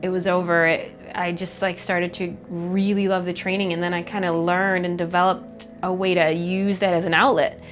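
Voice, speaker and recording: Young woman from Chicago, low-pitched voice, candid reflective interview, halting speech, soft music underneath. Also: flat delivery. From Chicago, USA. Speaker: MMA fighter. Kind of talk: documentary interview, personal story. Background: faint background music.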